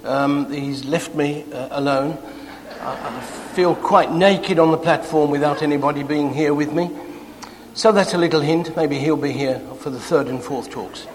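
A man with an English accent giving a Bible class talk to a congregation, self-deprecating and quickening as he gets excited. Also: on the high side, slight background noise. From England. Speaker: preacher. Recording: long hall reverb.

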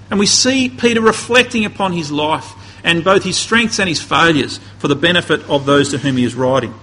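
A man's voice: high-pitched, bright, forceful tone, slightly rough, low-quality recording. A man preaching a conversational sermon, building to emphatic peaks and often restarting his phrases.

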